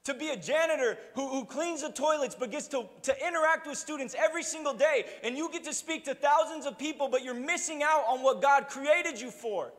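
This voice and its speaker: A man's voice: very high-pitched, fairly quick, few pauses, a bit bright. A young adult man preaching a sermon as pastor, casual and humorous, with joking asides to the congregation. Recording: long hall reverb.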